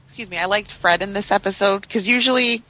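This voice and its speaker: A woman's voice: medium pitch, quick pace, sharp tone, low-quality recording. A woman co-hosting a podcast in casual discussion, hesitant with many fillers and restarts. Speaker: podcast co-host.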